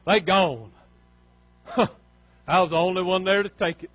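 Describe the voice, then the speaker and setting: A high-voiced man preaching with fervor, his voice climbing to near shouts and then falling low. The sound is dry and a bit muffled. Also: expressive, normal speed, no echo. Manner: fervent, rising to near shouts and dropping low. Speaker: pastor. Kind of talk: sermon.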